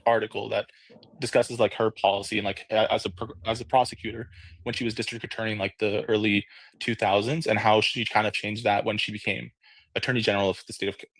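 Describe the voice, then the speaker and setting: Low-voiced hesitant man. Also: level tone, fast, fairly bright tone, no room sound. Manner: hesitant, many fillers and restarts. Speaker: audio room panelist. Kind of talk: casual discussion.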